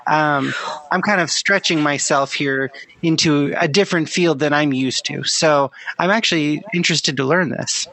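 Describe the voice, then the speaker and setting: A man's voice: a little high, normal speed, bright, forceful tone, rough recording. A man co-hosting a podcast in casual chat, easygoing and curious, thinking aloud with fillers. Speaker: podcast co-host.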